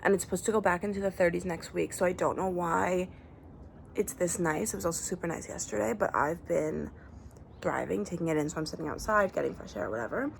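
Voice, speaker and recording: A woman's voice: fairly low pitch, brisk, creaky, a little hiss or hum. A young woman book vlogger talking casually and effusively, thinking aloud with plenty of fillers while sitting outdoors on her deck. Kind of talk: casual chat.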